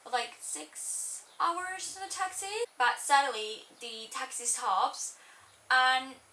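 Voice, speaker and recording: Young woman, high and bright, rambling vlog story, roomy sound set back from the mic. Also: animated, slow pace, far from the mic, slight background noise. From Spain. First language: Spanish. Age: young adult. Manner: chatty, rambling, full of "like". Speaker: vlogger. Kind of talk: casual storytelling.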